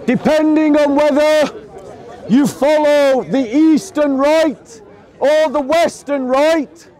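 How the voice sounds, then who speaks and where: A man preaching to a crowd in an open-air park, slow and emphatic, often raising his voice. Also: extremely high pitch, darkish tone. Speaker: street preacher. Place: outdoor public park speaking spot. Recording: outdoors with a crowd murmuring.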